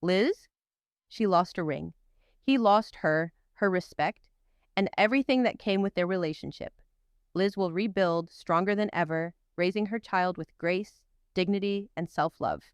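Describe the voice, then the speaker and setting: A woman's voice: lowish voice, clean tone, dry recording, studio quality. A woman hosting a commentary video, reading a scripted narration with emphatic, punchy delivery and rhetorical questions.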